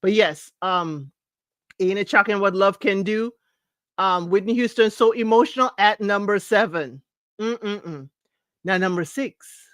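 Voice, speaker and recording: A woman's voice: mid-range voice, a bit bright, dry recording, clean studio sound. A middle-aged woman hosting a casual talk show, chatting about music, singing bits of songs and laughing often. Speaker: podcast host. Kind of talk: casual chat counting down music.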